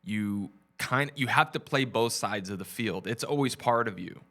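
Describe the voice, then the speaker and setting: A man hosting a casual interview podcast, talking in an animated way and often acting out quoted voices. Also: lowish voice, moderate pace. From family from Mexico. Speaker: podcast host.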